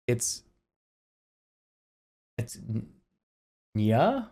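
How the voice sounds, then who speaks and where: A man's voice: mid-range voice, big pitch swings, drawn-out words, long pauses, a little mellow. A man in his forties chatting casually on a live stream, joking and often laughing. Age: 40s. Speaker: livestreamer.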